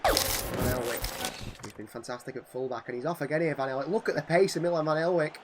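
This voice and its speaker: A hoarse man commenting on a football video game as a channel host, switching from calm play-by-play to excited shouting at goals. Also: mid-range voice, quick pace, heavy background noise.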